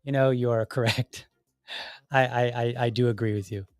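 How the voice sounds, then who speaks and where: A man hosting a podcast delivers a combative, opinionated monologue packed with rhetorical questions and mocking mimicry of imagined critics. His mid-range voice is clear and resonant, with fairly even intonation and a moderate pace. It's recorded in studio quality with no room sound.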